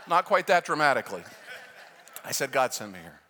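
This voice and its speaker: An American man preaching a sermon, telling a story with passion and moving between loud fervent prayer and hushed narration. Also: on the high side, huge pitch swings, measured pace, pauses often, breathy edge. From United States. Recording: reverberant hall.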